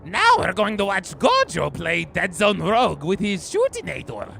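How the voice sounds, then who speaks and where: A man's voice: high voice, wildly swooping pitch, moderate pace, creaky, pushed and bright, a little hiss or hum, voice pushed up, full character voice. A man putting on the voice of a manic cartoon mad scientist, announcing himself in an over-the-top villain manner. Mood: gloating.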